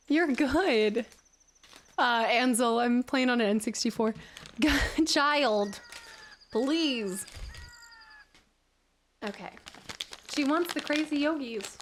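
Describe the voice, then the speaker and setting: Brief: young woman streamer, high voice, unhurried and giggly, slightly hoarse, game music behind. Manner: giggly, chatty, talks to her cat. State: voice going hoarse, clears throat. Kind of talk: casual gameplay chat.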